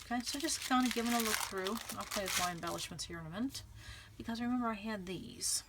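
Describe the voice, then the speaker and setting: A woman's voice: medium pitch, quick pace, heavy background noise. A woman vlogging a scrapbooking tutorial, chatting casually and thinking aloud as she works, often checking in with the viewer. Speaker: craft vlogger. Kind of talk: casual crafting tutorial, talking while working.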